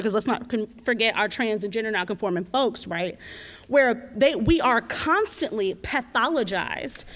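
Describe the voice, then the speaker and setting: A woman in her twenties, a community organizer, telling a lively, slangy story at a teach-in. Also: on the high side. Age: 20s. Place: lecture hall. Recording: reverberant hall.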